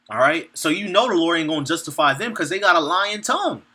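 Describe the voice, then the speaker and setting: His voice is on the high side with a sharp tone. This preacher reads scripture aloud in an informal sermon, offering blunt, profane commentary, laughing between points and checking in with the people listening.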